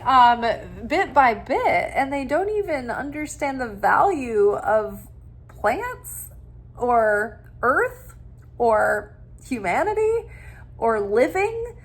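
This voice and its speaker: A woman giving a casual spiritual talk, animated and blunt, ranting with passion and swearing freely. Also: high-pitched. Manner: impassioned ranting. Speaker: spiritual teacher.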